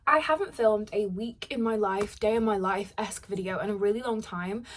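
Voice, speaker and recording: A woman's voice: mid-range voice, moderate pace. A young woman who is a book vlogger, chatting casually to camera at home in a bubbly, gushing way. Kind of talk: casual vlog talk to camera.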